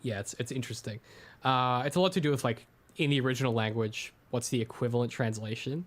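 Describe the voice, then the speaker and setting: A man's voice: medium pitch, fast. An Australian man co-hosting a casual critical discussion, loose and swearing, with many ums and restarts. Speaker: podcast co-host.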